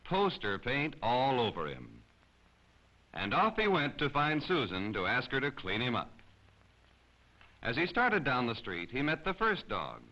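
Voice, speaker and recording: A man narrating a children's storybook in an expressive, animated way. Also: mid-range voice, a little slow. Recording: slightly dull lo-fi recording.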